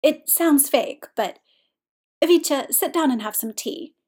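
Brief: soft-spoken patient skater guy, read by a woman. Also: sits high, expressive, slow. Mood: placating.

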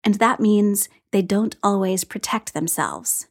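A woman reading a story aloud and voicing a calm, dry, affectionate adult man in a measured, low-key way. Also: husky.

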